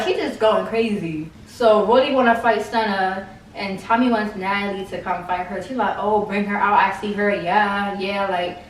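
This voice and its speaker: A woman giving a casual, slangy recap of a reality show, full of "like" and mocking asides. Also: mid-range voice. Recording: echoey room, distant mic, faint noise.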